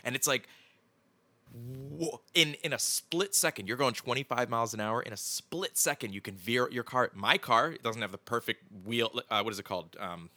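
A man's voice: mid-range voice, moderate pace, pushed and bright, dry recording. A young man from the Philadelphia area, rambling through stories in casual podcast chat, swearing and laughing easily. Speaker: podcast guest.

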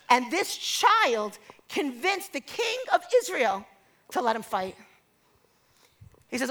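A woman's voice: high voice, lively intonation, a little slow, pauses often, fairly bright tone. A woman preaching a sermon, telling stories and acting out the voices of the people in them before calling out to the congregation. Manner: storytelling, acts out quoted voices, builds to exhortation.

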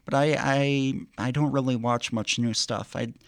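A man's voice: mid-range voice, fairly even intonation, no echo, studio quality. A man co-hosting a radio show, chatting casually and hesitantly with restarts. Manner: hesitant, many restarts and pauses. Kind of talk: casual chat. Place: radio studio.

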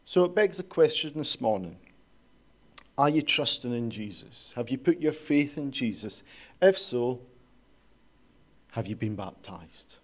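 A man preaches in an easy, conversational way, moving between stories and scripture readings. He poses rhetorical questions and talks directly to his listeners. His pitch sits in an ordinary middle range. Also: very animated, measured pace, pauses often. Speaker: pastor. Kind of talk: sermon.

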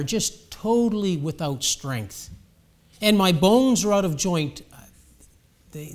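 A male preacher with a high speaking voice delivers a sermon. He talks in a conversational way and often doubles words as he restarts a thought.

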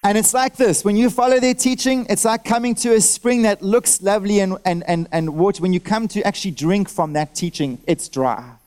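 A preacher with a notably high voice delivers a sermon at a church service. He asks his listeners question after question and checks they are with him, calling for nods and amens. He speaks through a face mask. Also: fairly quick, hardly any pauses, clear, resonant tone. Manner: animated, fires off rhetorical questions at the congregation.

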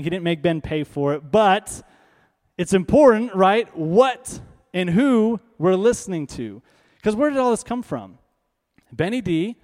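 Man preacher, animated storytelling sermon, higher-pitched voice, long hall reverb. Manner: animated, conversational, frequent "right?".

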